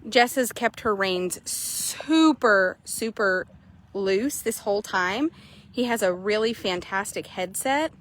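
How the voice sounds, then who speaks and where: A young woman horse trader chatting casually outdoors at an arena, quick and loose, swearing now and then. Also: medium pitch, expressive, fairly bright tone, slight background noise. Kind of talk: casual narration while riding.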